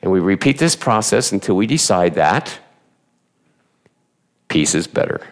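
An unhurried male pastor with a low voice preaches in church in an animated, emphatic style. He poses rhetorical questions to the congregation and keeps repeating the phrases that matter most.

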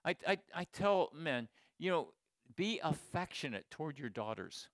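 A man in his sixties giving a sermon to men, swinging from loud exhortation to quiet storytelling. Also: on the high side, sing-song, normal speed, no echo, clean studio sound. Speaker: speaker at a men's gathering.

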